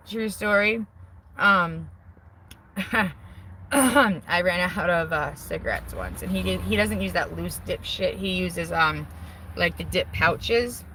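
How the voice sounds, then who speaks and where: Speaking slowly and expressively in a lowish, pushed, bright voice, a woman in her forties chats on a live stream from her car, window open. She is candid, pokes fun at herself, and swears freely while rambling. Recorded on a handheld phone, the audio is rough, with slight background noise.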